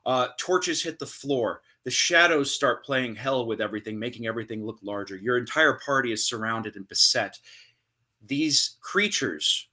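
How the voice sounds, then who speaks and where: Bright-voiced man narrating a dungeon crawl. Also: medium pitch, animated. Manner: dramatic storytelling with hushed pauses. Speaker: game master. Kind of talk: narrating a tabletop game.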